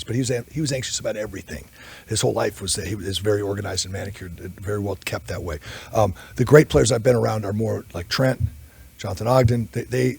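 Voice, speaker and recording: A man's voice: fairly low pitch, creaky, a little mellow, breathy edge. A man, an offensive line coach, giving candid, rambling answers at a press conference and telling stories as he goes. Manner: rambling storyteller, candid, self-interrupting.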